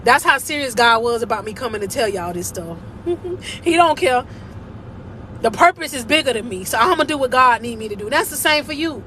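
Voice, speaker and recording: Emphatic woman life coach, high bright voice, motivational faith talk from a car. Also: animated, fairly quick, a little hiss or hum. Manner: emphatic, preachy, laughs often.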